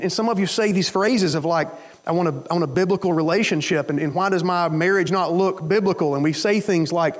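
Fast-talking man preaching a sermon. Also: high-pitched. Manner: animated storytelling with quoted voices. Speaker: pastor.

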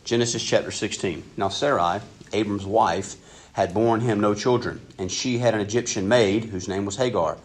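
A man preaching a sermon in an earnest, conversational way, swinging between loud and hushed passages. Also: lowish voice, moderate pace. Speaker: pastor.

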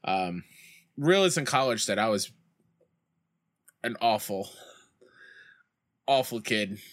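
A young man with a lowish voice streams a baseball video game, casually chatting, reading chat aloud, and telling rambling school stories, with outbursts when plays go wrong. He sounds animated but takes it slowly.

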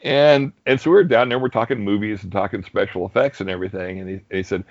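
A young man casually telling a story, animated and laughing often. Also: lowish voice, fast, hardly any pauses, no echo, highs cut off. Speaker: guest storyteller. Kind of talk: casual anecdote.

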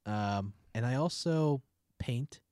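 Young guy, relaxed casual friend, short replies, medium pitch, dry sound. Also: slow pace, no room sound. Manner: laid-back, brief replies. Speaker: friend in conversation. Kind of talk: casual chat.

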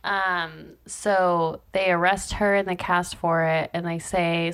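A woman co-hosting a casual podcast, telling a story slowly with many pauses and ums, laughing now and then, with hiccups. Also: on the low side, flat delivery, fairly bright tone, clear, resonant tone. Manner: slow, hesitant, many ums, laughs easily. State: has hiccups. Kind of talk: casual chat.

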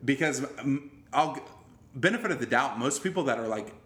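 A man in the middle of his range, spinning a long casual story and swearing freely as he goes. He tumbles through restarts and asides in a relaxed, animated way. His voice rings with the echo of a roomy space. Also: medium pitch, normal speed.

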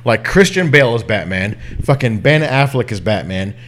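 A man's voice: medium pitch, normal speed. A man hosting a podcast in casual chat. He swears constantly and talks animatedly, pushing his voice up and down to make his points. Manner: heavy swearing, animated, drops and raises his voice to demonstrate. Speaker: podcast host.

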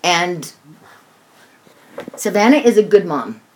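A woman's voice: fairly low pitch, lively intonation, slow pace, a little mellow. A middle-aged woman and mother, talking about her son in a heated, emotional conversation and swearing freely. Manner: heated, swears freely, acts out others' voices.

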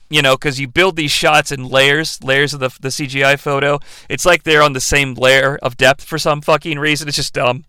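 A man's voice: a little high, bright, forceful tone, smooth, no echo. A man hosting a comedic bad-movie podcast, ranting in a profane, sarcastic way. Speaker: podcast host.

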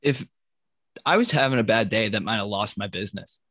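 A man's voice: fairly low pitch, a little fast, a bit bright, dry recording. A man co-hosting a casual podcast, chiming in with wry quips and his own stories. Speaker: podcast co-host. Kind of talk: casual chat.

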